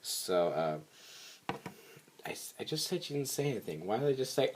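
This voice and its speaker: His pitch swings widely while he keeps a moderate pace. He's a young man and regular vlogger recapping a cartoon episode in a rambling, filler-heavy style, switching to squeaky voices for quotes.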